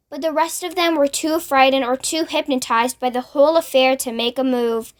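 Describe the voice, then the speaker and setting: A woman reading a children's book aloud in an expressive storytelling manner. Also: sits high, moderate pace, hardly any pauses.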